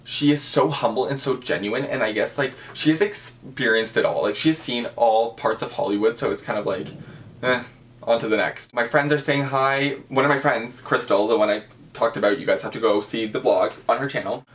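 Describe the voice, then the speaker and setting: A young man tells a vlog story at a middle pitch. He talks in a gushing, animated way and leans on fillers as he goes. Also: fairly quick. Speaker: vlogger.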